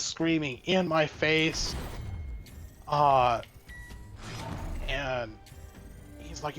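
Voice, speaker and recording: Halting man telling a story. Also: medium pitch, fairly bright tone, faint music behind. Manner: halting, many fillers and restarts. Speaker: streamer guest. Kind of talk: casual storytelling.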